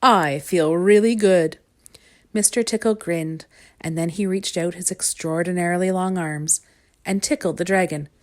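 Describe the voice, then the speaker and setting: With a slightly low voice, a woman reads aloud from a children's storybook. Her delivery stays calm and measured.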